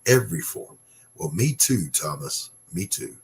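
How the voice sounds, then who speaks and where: A man's voice: low-pitched, lively intonation, unhurried, creaky, husky. A man hosting a casual opinion monologue, ranting bluntly and sarcastically, with swearing. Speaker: podcast host.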